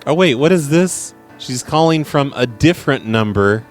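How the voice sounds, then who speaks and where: A man hosting a podcast, reacting to voicemails with crude, sarcastic, deadpan remarks. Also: medium pitch, normal speed, soft background music. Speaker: podcast host playing voicemails. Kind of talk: casual profane commentary.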